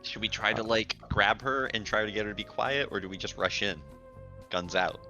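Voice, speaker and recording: A man playing a tabletop game, planning out loud in eager casual chat. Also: fairly low pitch, moderate pace, faint music behind. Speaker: player.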